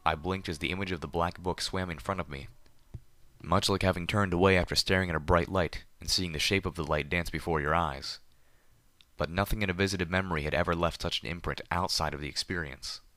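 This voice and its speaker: A man reading a story aloud in the first person with a measured, deliberate delivery. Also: deep voice, a bit bright, no room sound. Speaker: audiobook narrator.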